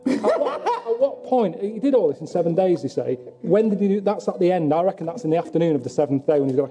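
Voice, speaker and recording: A man with a voice pitched a little high grumbles his way through a glum, deadpan travel monologue. He sounds weary and hard done by. Music plays clearly behind him. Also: fast. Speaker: travelling presenter. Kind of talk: documentary monologue and chat.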